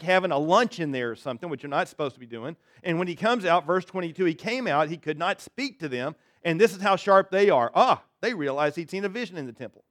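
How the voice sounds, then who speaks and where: A man's voice: fairly high pitch, dry recording, clean studio sound. A male pastor giving a conversational sermon, often acting out quotes and repeating words.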